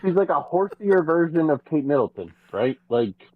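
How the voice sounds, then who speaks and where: A podcast co-host in casual gossip chat, telling stories in an animated, profane way. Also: medium pitch, moderate pace, narrow, tinny audio, a crowd in the background. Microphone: podcast microphone.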